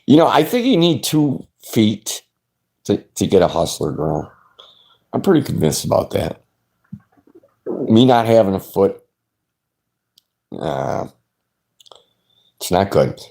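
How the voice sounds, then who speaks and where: A man's voice: lowish voice, very animated, slow pace, creaky, long pauses, a little mellow. A man hosting his own channel, chatting casually in a rambling, laid-back way with frequent restarts. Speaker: channel host. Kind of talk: casual chat.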